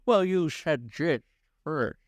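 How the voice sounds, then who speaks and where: A man's voice: a little high, animated, slow pace, no room sound. A man co-hosting a podcast in casual chat, wry and teasing, laughing along. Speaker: podcast co-host.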